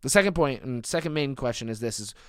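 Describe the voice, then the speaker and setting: Male pastor, 30s, sermon delivery; smooth resonant voice, emphatic rises and soft drops. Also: mid-range voice, animated, quick pace, dry recording, studio quality. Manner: earnest, builds to emphatic peaks then drops soft.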